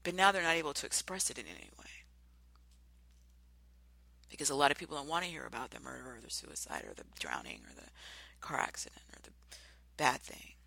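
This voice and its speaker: A man hosting an advice podcast, speaking earnestly and pleading with listeners, at times murmuring softly to demonstrate. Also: mid-range voice, wildly swooping pitch, a little fast, creaky, pauses often, no room sound, poor audio. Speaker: podcast host. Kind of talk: advice monologue.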